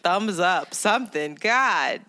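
Bright-voiced woman in lively banter. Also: fairly low pitch, slow pace. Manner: animated, laughs often, quotes people in voices. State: overworked, on edge. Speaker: podcast co-host. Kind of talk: casual banter.

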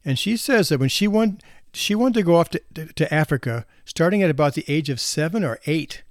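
A physician in his sixties shares casual stories of marriage and parenting, chuckling occasionally, laughing and making restarts. His fairly high voice has lively intonation at a fairly quick pace. The studio sound is clean, with no echo.

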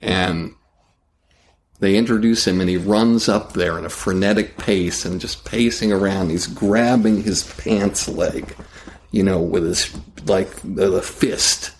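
Man, comedian, storytelling, low voice, slow delivery, acts out scenes. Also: slight background noise. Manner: animated, acts out scenes, trailing restarts. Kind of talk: storytelling in conversation.

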